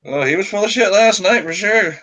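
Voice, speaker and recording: A man's voice: high voice, a little fast, bright, forceful tone, poor audio. A man from Michigan living in Texas, chatting casually on a livestream, easygoing and full of fillers. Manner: chuckling, easygoing, hesitant with fillers.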